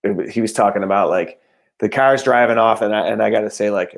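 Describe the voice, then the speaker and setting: A man guesting on a podcast, chatting loosely and halting between thoughts. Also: fairly low pitch, gravelly. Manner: relaxed, halting with fillers. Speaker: guest comedian. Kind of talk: casual chat.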